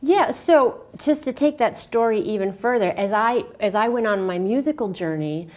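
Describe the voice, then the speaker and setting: A woman's voice: medium pitch, normal speed. A woman, a former opera singer, telling stories in a casual TV interview and acting out the voices in them. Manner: animated storyteller, acts out quotes and sings snippets. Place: local cable TV studio.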